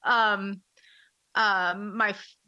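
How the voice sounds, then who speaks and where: A woman's voice: medium pitch, fairly even intonation, drawn-out words, pushed and bright, no echo. A woman, a mother of sons, candidly telling funny family stories as a podcast guest. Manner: candid, laughing storyteller. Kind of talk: casual podcast chat. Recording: dull, dry sound.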